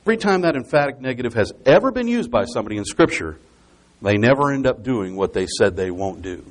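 A man's voice: mid-range voice, big pitch swings, fast. A man preaching a Bible exposition sermon. He repeats key phrases for emphasis and explains scripture step by step.

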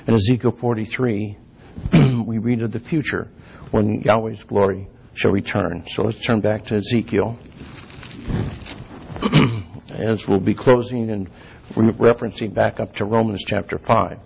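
A man giving a sermon, reading scripture slowly and clearing his throat often. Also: lowish voice, steady tone, darkish tone, slight background noise. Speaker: lay preacher. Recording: dull lo-fi recording.

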